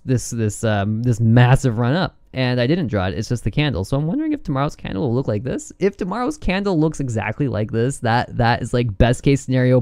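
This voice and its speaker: A man doing a casual vlog about trading charts, excitable and giddy, quick to laugh as he goes. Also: medium pitch, dry recording, clean studio sound. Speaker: trading vlogger.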